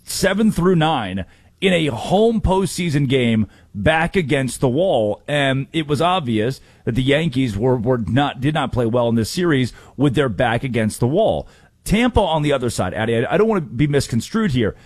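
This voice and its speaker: Male sports host, brisk and wry, mid-pitched, dry mic. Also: animated, a little mellow, dry recording. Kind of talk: sports talk hosting.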